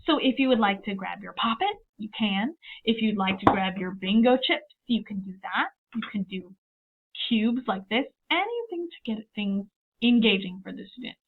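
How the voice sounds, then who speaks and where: A woman's voice: mid-range voice, lively intonation, moderate pace. A woman teacher giving an upbeat, step-by-step video lesson, acting out her student dialogues as she goes. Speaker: teacher trainer. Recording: narrow phone-like sound.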